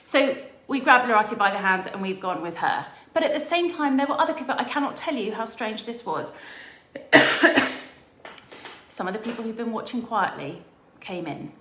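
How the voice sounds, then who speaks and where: Animated, enthusiastic middle-aged woman coach. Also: fairly high pitch, moderate pace, echoey room, slight background noise. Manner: enthusiastic, animated storytelling with excited quoted voices. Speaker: business coach. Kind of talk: motivational monologue.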